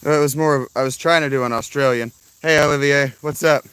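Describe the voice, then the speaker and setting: A man's voice: medium pitch, fairly even intonation, fast, fairly bright tone, smooth, no room sound. Guy live streaming from his campsite, swears a lot, rambles on and says hi to chat. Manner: rambling, profane, greets chat viewers. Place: outdoors at a tent campsite.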